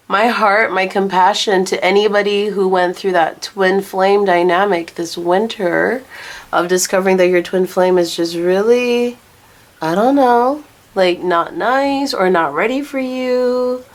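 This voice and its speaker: Slow-talking casual woman vlogger. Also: lowish voice. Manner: candid, swears, laughs at herself. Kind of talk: casual chat while doing makeup.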